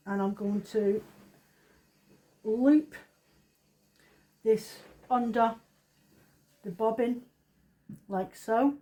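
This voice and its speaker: A woman with a slightly high voice walks through a hands-on craft job. She narrates every step casually, with easy self-deprecating asides. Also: drawn-out words, long pauses, mellow, rough recording. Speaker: craft shop owner demonstrating. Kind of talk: casual how-to demonstration.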